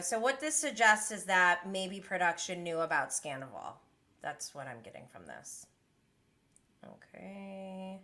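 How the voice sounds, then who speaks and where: A woman's voice: fairly low pitch, big pitch swings, a little slow, bright, forceful tone. A young woman hosting a casual recap livestream, chatty and gossipy, who laughs often. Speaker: host of a reality TV recap livestream.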